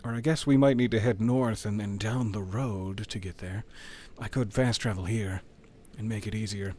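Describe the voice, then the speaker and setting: A man's voice: on the low side, steady tone, moderate pace, mellow. A man giving casual, playful commentary while streaming a video game, bantering with wry jokes.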